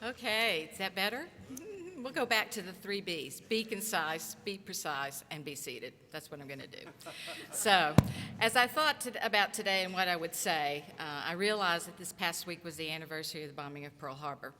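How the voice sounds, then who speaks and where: Woman, middle-aged, graduation speaker, lowish voice, forceful, earnest, encouraging, podium mic, echoey auditorium. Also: background noise. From southeast Tennessee. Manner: earnest, encouraging, speaks in short, measured phrases. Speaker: commencement speaker and college instructor. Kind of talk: graduation speech. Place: large auditorium. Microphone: podium microphone. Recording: echoey hall reverb.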